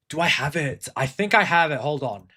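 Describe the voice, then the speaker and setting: A man's voice: fairly high pitch, animated, moderate pace, bright, forceful tone. A man hosting a livestream, chatting casually, rambling and swearing, reading chat aloud. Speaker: livestream host.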